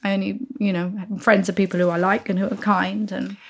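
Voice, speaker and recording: A woman in her sixties talks as a podcast guest, recounting anecdotes. She slips into the voices of the people in her stories, and her mid-pitched voice carries a touch of vocal fry. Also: a little fast. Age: 60s. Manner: lively, acts out quoted voices in her stories. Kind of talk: anecdotal storytelling.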